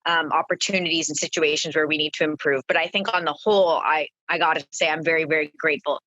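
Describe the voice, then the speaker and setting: A woman co-hosting a podcast, loud and excitable, laughing often. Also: low-pitched, fast talker, no echo, muffled recording. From Canada. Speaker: podcast co-host. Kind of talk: casual podcast chat. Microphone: office microphone, dry close sound.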